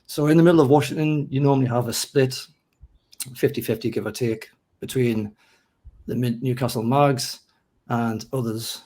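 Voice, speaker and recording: A man with a mixed North East English accent hosting a casual football podcast, his throat hoarse and rough, chatting in a self-mocking way. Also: mid-range voice, steady tone, moderate pace, warm tone. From North East England. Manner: chatty, self-mocking, lists names steadily. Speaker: podcast host.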